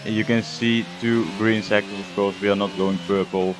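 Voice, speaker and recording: A man's voice: deep voice, little pitch movement, brisk, few pauses. A man hosting a racing game video, talking through his gameplay casually with frequent hesitations. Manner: hesitant, full of "uh" and "um" fillers. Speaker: gaming video host.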